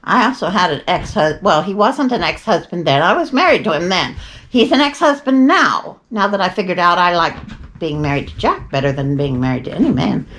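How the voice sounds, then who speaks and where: A woman's voice: on the low side, animated, fairly quick, fairly bright tone. Older woman spinning rambling stories. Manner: chatty, digressive, wry. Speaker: podcast host. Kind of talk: rambling casual storytelling.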